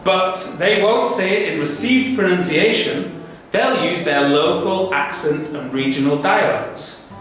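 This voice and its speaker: A man with a Lancashire accent hosting a children's show, talking in an animated, theatrical way with big swoops in his voice. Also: sits high, a little slow. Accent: Lancashire English. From Lancashire, north of England. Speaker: children's show host and teacher. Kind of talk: lively presenting for children. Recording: very echoey room with music behind.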